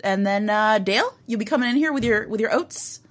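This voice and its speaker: A bubbly woman DJ with a bright, high voice who banters easily in the studio. She giggles between lines and talks in an animated, playful way. It sounds like casual on-air radio chat between songs. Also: fairly quick. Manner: giggly, animated, laughs often. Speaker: radio DJ host.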